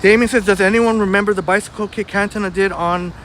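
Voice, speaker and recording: A man's voice: sits high, steady tone, fast, fairly bright tone, faint music behind. A man hosting a casual live walking stream outdoors on a city street, chatting and greeting viewers by name. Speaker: livestream host reading viewer chat.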